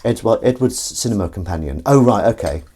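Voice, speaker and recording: Washing dishes at the kitchen sink, a man streams a casual chat, rambling and reading out viewer comments amid clattering plates and cutlery. He sounds fairly low and expressive, speaks a little fast, and there's heavy background noise.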